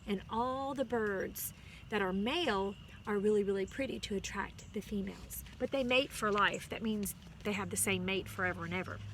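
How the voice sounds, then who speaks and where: A woman, a music teacher, reading a picture book aloud to her students outdoors and pausing to explain words to the children. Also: mid-range voice, a bit bright, slight background noise. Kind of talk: storybook read-aloud. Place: outdoors on a chilly day.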